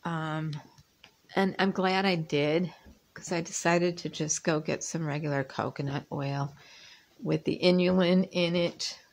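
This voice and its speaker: This cooking and lifestyle vlogger, a woman in her fifties, chats while she cooks at home, drifting between stirring and tasting. She speaks at a measured pace in a low voice with fairly even intonation.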